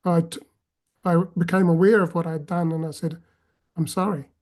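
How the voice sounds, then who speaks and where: A woman interviewing on a podcast, reflective, with soft hesitations. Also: fairly low pitch, level tone, moderate pace. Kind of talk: casual podcast chat.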